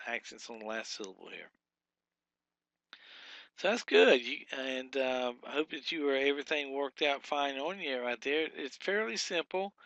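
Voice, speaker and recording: A male teacher walking through workbook exercises, spelling out syllables one by one with frequent pauses and fillers. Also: medium pitch, pushed and bright, no room sound. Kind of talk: recorded lesson walkthrough.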